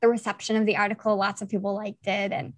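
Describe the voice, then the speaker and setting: A young woman guest in a podcast interview, cheerful, pausing often with ums. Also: mid-range voice, little pitch movement, dry recording. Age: young adult. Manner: cheerful, hesitant with many ums. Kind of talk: casual interview chat.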